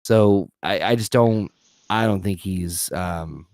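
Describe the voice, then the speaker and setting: A man co-hosting a casual podcast chat with friends, relaxed and swearing freely, laughing often while playing cards. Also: sits low, slow, dry recording, clean studio sound. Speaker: podcast co-host.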